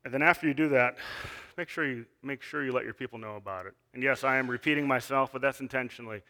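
A man's voice: medium pitch, fast talker, sharp tone. A man giving an earnest sermon, reading scripture and asking the listeners questions, with frequent restarts. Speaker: lay preacher.

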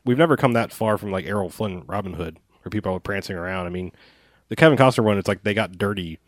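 A man's voice: lowish voice, fast, dry recording, studio quality. A man co-hosting a casual movie podcast, rambling and swearing freely. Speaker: podcast co-host.

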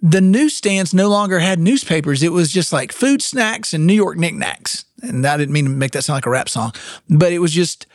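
Male podcast co-host, a bit higher voice, dry mic, wandering anecdotes. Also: brisk, dry recording. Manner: rambling storyteller. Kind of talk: casual chat.

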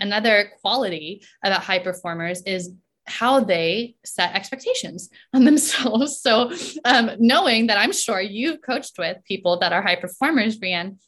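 A coach, a woman with a medium-pitched voice, keeps a laid-back podcast conversation going at normal speed. She laughs between points and keeps asking "right?"

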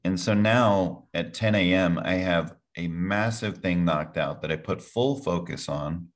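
A man's voice: deep voice, measured pace. A man answering as a podcast guest, energetically walking the listener through his daily routine step by step. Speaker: product formulator.

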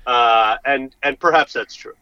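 A man's voice: mid-range voice, a little slow, pushed and bright, clean tone, no echo. A man who is a guest on a talk show, speaking casually and hesitantly, with many fillers, over a dull lo-fi remote line. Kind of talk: casual interview chat.

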